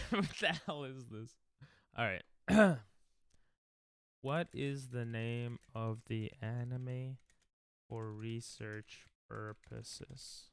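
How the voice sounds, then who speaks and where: Slow-talking young male streamer. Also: medium pitch, gravelly, clear, resonant tone, no room sound. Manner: laid-back, laughing asides. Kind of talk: casual reaction commentary.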